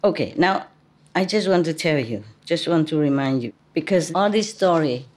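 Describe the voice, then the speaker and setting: Low, animated, and darkish in tone, the woman speaks at a normal speed. As a spiritual teacher giving a relaxed talk, she's chatty and playful with her audience and laughs often, using non-native English phrasing.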